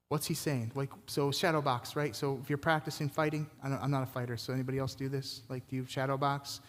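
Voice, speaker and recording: A man preaching a sermon in a conversational, energetic way with casual fillers, speaking to a congregation. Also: mid-range voice, fast talker, hardly any pauses, in a large hall. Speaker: pastor.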